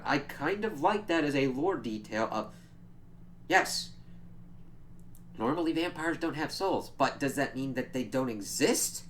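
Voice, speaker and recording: A man's voice: on the high side, slight background noise. A man giving a casual, chatty spoiler recap of a TV episode, swearing freely and laughing as he retells scenes. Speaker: show reviewer.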